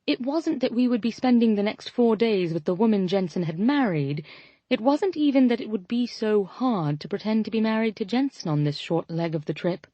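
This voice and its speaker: A woman narrating a romance audiobook in first person, with a wry, animated storytelling manner. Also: mid-range voice, moderate pace, dry recording. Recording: dry, slightly dull lo-fi audio.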